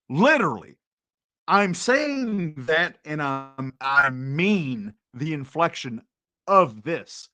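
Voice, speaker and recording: Male commentary host, mock-outraged, slow delivery, dry recording. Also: fairly high pitch, sing-song, sharp tone, no room sound. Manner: sarcastic, mock-indignant, slow and drawn out. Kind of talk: casual commentary.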